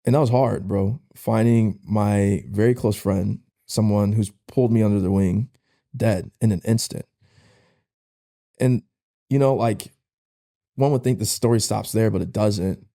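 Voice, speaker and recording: A young man, a podcast guest, casually telling a personal story in an emotional, halting way with slang. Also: on the low side, fairly even intonation, creaky, mellow. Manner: casual, uses slang like "bro".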